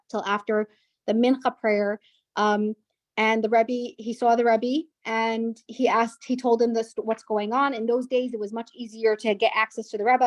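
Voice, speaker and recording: A woman's voice: a little high, no room sound. A woman speaking as a guest at a women's gathering, telling a personal family story in an earnest way, often restarting and repeating words. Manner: earnest, with frequent restarts and repetitions.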